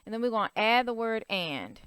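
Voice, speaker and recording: Speaking a little fast in a slightly high, very animated voice that's bright, clear and resonant, a female elementary teacher breaks a writing lesson into simple steps for young kids. She keeps asking "right?" and "okay?" to make sure they follow, and the recording is studio quality with no echo.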